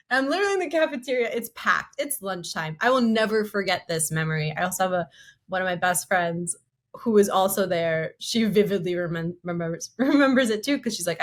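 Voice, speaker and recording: A woman co-hosting a casual podcast chat, her voice sitting at an ordinary middle pitch. She tells a personal story candidly and with animation, moving quickly from one thought to the next. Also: a bit bright. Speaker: podcast co-host.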